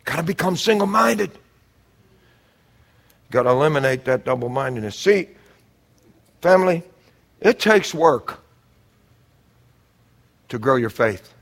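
A man preaching a sermon, building to shouted exhortations and stretching out repeated phrases. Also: medium pitch, expressive, slow, creaky, long pauses.

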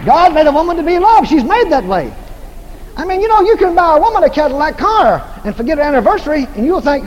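A man's voice: very high-pitched, big pitch swings, fast talker, muffled recording. Brief: folksy, humorous male preacher, repetitive delivery, faint background noise. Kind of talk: sermon. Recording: echoey hall, faint noise.

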